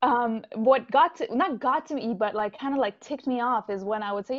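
A woman's voice: a little high, brisk, no echo. A woman from Haiti, a musician guest, talking candidly and animatedly in a casual interview over a video call. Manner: candid and animated, with frequent fillers and laughs. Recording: dull lo-fi video call audio.

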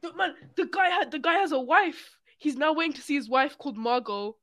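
A young man co-hosting a casual podcast, excitable and profane as he reads out odd news stories. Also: extremely high pitch, brisk, a crowd in the background. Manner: excitable, swearing, laughs while reading news. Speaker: podcast co-host.

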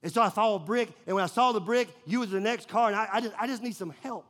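A man's voice: high voice, fast talker, a bit bright, pitched above the performer's own voice. A man voicing a pleading frightened boy. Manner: pleading, breathless rush. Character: frightened twelve-year-old boy pleading for help.

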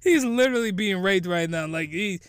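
High-voiced man, jokey rambling anime recapper, dry close sound. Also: expressive, normal speed, clear, resonant tone, no room sound. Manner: rambling, incredulous, joking. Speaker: anime reviewer.

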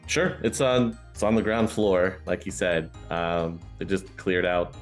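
A man narrating and refereeing a tabletop role-playing game in a relaxed way. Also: low voice. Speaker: game master.

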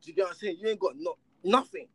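Animated man with slang. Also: high-pitched, racing, no room sound. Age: adult with children. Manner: animated, rhetorical, heavy street slang. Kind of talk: casual chat.

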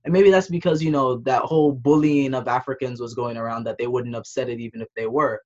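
A young man from the Caribbean talking through his thoughts in a casual discussion, pausing and restarting as he goes. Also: mid-range voice, fairly even intonation, darkish tone. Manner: reflective, thinking aloud with restarts. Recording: dull, muffled audio.

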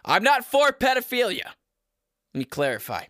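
A man in his twenties vlogs dating advice from home, rambling crudely to his viewers on camera, stumbling over words and often laughing at his own jokes. His very high voice swoops wildly in pitch at a normal speed, with a fairly bright tone. The audio is clean studio quality with no room sound.

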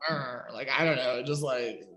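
A young man delivers a casual psychic reading in a chatty, rambling way, leaning on "like" at every turn. His voice sits a little high and sounds bright and forceful. Faint music plays in the background. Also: moderate pace. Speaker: psychic medium giving a reading. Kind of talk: casual spoken reading on a video call.

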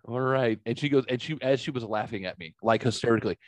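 A man's voice: mid-range voice, fast, dry recording. A man hosting a podcast, chatting casually and profanely, mocking himself and rambling through stories. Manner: self-mocking, rambling storyteller. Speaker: podcast host.

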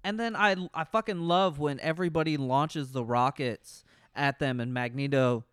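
A man's voice: fairly high pitch, moderate pace, fairly bright tone, clean tone, no room sound, clean studio sound. A young man co-hosting a podcast, rambling and swearing freely as he gives movie opinions in casual chat. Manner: profane, rambling, enthusiastic. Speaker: podcast co-host.

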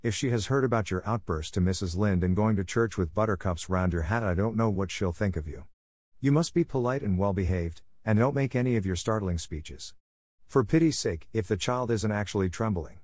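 A man voicing a stern, practical older woman who brisk-ly scolds her adopted girl, in a storybook reading. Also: fairly low pitch, darkish tone, no echo, natural voice. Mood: scolding.

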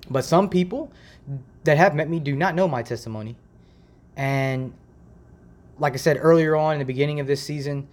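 A man from Ohio hosts a faith podcast from a makeshift home setup. He talks in a loose, rambling way, slips into slang and circles back to his point. He is recorded close on a decent home mic. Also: medium pitch. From Ohio, USA. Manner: rambling, chatty, relaxed slang. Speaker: podcast host. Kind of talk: casual faith podcast monologue.

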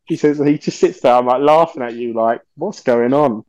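A man, a podcast guest telling stories in a lively, swearing way and acting out the voices of people he quotes. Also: mid-range voice, normal speed, no room sound, lo-fi sound. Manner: animated, swears often, acts out quoted voices. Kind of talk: casual storytelling interview.

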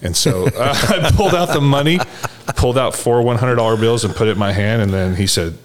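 A man hosting a conversation, telling a personal story in a relaxed, drawn-out way and acting out the dialogue. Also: medium pitch. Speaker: host. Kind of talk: casual storytelling chat.

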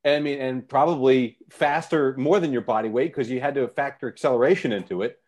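A man's voice: mid-range voice, a little fast, a little mellow. A man in a casual chat, chiming in with wry, short remarks.

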